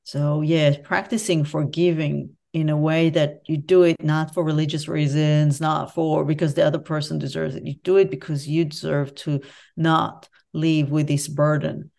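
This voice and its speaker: A woman in a conversational interview, with a voice pitched a little on the low side. She talks earnestly and reflectively as an author and professor, speaking openly about personal struggle. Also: flat delivery, moderate pace, vocal fry, mellow.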